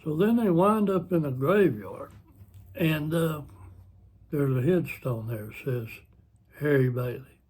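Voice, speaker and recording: Slow, husky man rambling. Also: on the high side, animated, a little mellow. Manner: rambling, self-correcting. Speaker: vlogger. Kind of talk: casual storytelling.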